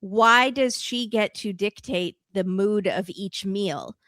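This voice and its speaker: A woman hosting a podcast, recapping a reality show in casual chat with quick sarcastic asides. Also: medium pitch, fairly bright tone, no echo. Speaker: podcast host.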